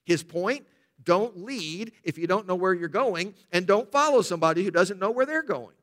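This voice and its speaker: A middle-aged pastor delivering a sermon in a chatty, storytelling way, dropping light jokes as he goes. His voice sits high for a man and rings bright and clear. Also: expressive, normal speed. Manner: conversational storytelling with humor.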